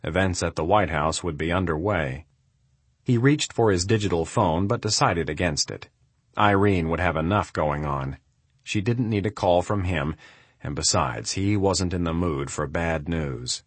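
A man narrating a thriller audiobook in a steady, measured storytelling manner. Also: deep voice, slightly rough, dry recording. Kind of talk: scripted narration.

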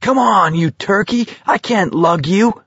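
An urgent young man, voiced by a male narrator, calling out in a raised, strained voice. He yells and hisses with worry. The sound is dull and close. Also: high-pitched, unhurried, slightly rough, dry recording, voice pushed up, exaggerated voice. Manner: urgent, yelling, hissing. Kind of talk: audiobook character voice. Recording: dull lo-fi recording.

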